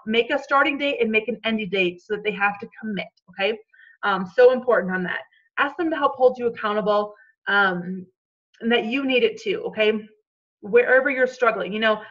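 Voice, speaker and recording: Woman coach on a team call, kinda high voice, chatty and upbeat, says okay a lot, muffled lo-fi sound. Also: fairly bright tone. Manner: chatty, encouraging, frequent "okay?" check-ins.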